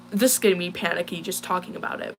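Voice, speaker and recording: Teen girl rambling thru a story, lots of ums, bright voice, kinda shaken. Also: fairly low pitch, steady tone, fairly quick, a little hiss or hum. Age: teens. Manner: rambling, many fillers and restarts, shaken. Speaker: vlogger telling a personal story. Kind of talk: casual storytelling to a live audience.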